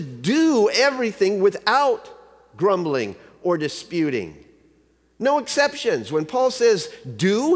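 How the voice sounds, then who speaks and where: A man, a pastor, preaching a sermon. He keeps asking the listeners rhetorical questions and tells a joke story to make his point. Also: high-pitched. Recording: long hall reverb.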